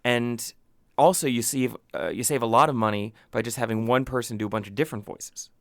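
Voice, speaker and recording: A man's voice: mid-range voice, steady tone, fairly quick, gravelly, no echo, clean studio sound. A man co-hosting a comedy podcast, explaining things at length with teasing asides. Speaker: podcast co-host. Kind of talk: casual comedy chat.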